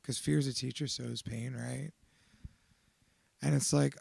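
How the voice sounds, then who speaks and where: A man giving a raw, profane, confessional account of his fears, swinging between quiet reflection and shouting. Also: mid-range voice, normal speed, vocal fry, pauses often, no room sound, studio quality. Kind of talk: emotional personal testimony.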